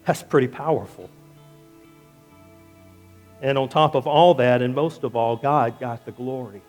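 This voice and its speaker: A male pastor preaching a sermon emphatically, repeating phrases and dropping low and quiet on key words. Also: a little slow, soft background music.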